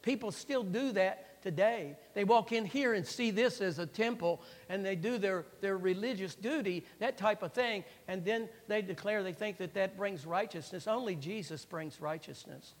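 A man preaching a sermon and reading scripture, swinging between loud emphasis and hushed, quiet phrases and repeating lines for emphasis. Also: high voice, moderate pace, few pauses. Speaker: pastor. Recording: long reverb of a large hall.

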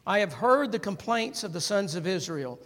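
A man's voice: high voice, normal speed. Guy preaching, chatty sermon, keeps asking "right?", big reverby church sound. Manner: conversational preaching with constant "right?" tags; animated, calls for congregation response. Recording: long hall reverb.

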